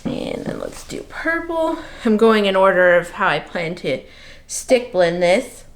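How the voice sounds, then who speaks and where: A woman's voice: mid-range voice, big pitch swings, measured pace. A woman from Missouri giving a casual step-by-step craft demonstration, explaining each step as she works. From Missouri, USA. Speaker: soapmaker demonstrating. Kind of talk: casual tutorial narration.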